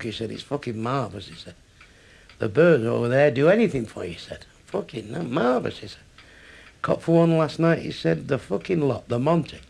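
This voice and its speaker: A man's voice: medium pitch, creaky, darkish tone, slightly rough. A man with a Mancunian accent doing a crude stand-up comedy routine, chuckling at his own punchlines.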